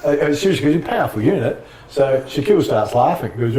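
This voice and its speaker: A middle-aged Australian man and former basketball player, telling lively anecdotes in a casual interview and laughing often. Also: mid-range voice, brisk, echoey room, recorded from a distance, heavy background noise.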